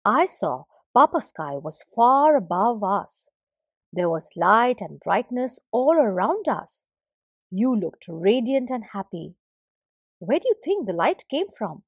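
Cast a woman playing an earnest young storybook son, gentle and pleading, with slow, lively delivery. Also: medium pitch, husky, dry recording, studio quality, full character voice.

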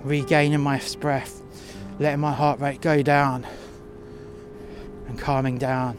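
With music underneath, a man with a mid-range voice and flat delivery bluntly recounts a workplace incident in first person, angry and cursing freely. He's outside in the freezing cold and slows whenever tiredness catches up with him.

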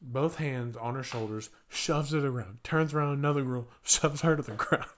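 A man's voice: medium pitch, moderate pace, slight background noise. A young man co-hosting a podcast, telling a story in casual chat and jumping into the voices of the people in it. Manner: animated storyteller, acts out kids' voices. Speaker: podcast co-host.

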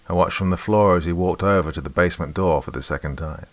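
A man's voice: low voice, quick pace. A man narrating a horror story in the first person, in a tense, dramatic way.

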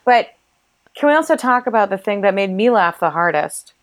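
A woman co-hosts a casual book podcast and reacts to the story with playful enthusiasm. Her voice sits at a middle pitch for a woman, and she jokes along easily. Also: animated, normal speed. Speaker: podcast co-host.

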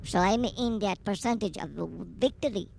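A man's voice: high voice, moderate pace, a little hiss or hum. A man voicing a boastful, short-tempered male rideshare driver who brags in broken English in an improvised comedy sketch.

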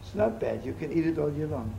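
A man preaches like a rabbi, with a folksy, joking storyteller's manner and Yiddish words mixed into his talk. His voice is gravelly and sits a little high. The recording carries a clear layer of background noise. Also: sing-song, quick pace, mellow. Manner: folksy, jokey, sprinkles Yiddish and Hebrew words. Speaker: rabbi teaching. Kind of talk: storytelling sermon. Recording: noisy old recording.

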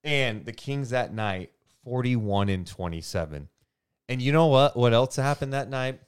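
A man's voice: medium pitch, unhurried, clean tone. A man co-hosting a casual sports fan podcast, reading listener comments and chatting with his co-host. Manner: animated, whooping and shouting in celebration.

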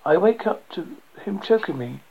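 Reader playing a weary, steady leader, firm and gravelly. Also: mid-range voice, moderate pace, phone-quality sound, a little hiss or hum, pitched above the performer's own voice. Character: weary, steady man leading desert survivors.

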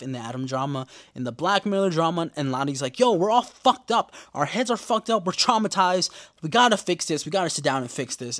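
A man hosting a podcast, giving a casual, profane episode recap and quoting characters in animated bursts. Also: on the high side, no echo, studio quality. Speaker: podcast host.

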